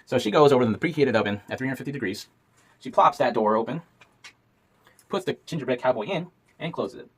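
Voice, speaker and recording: A man's voice: medium pitch, lively intonation, fast, pauses often, breathy edge. A man telling a playful, folksy story aloud and voicing its characters. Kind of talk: animated storytelling.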